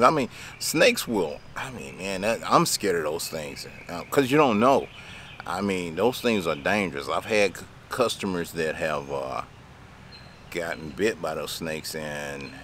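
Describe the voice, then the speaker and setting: Low-voiced rambling man. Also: a bit bright, slight background noise. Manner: rambling, laughs often, many fillers. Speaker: lawn care business owner. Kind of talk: casual storytelling to camera.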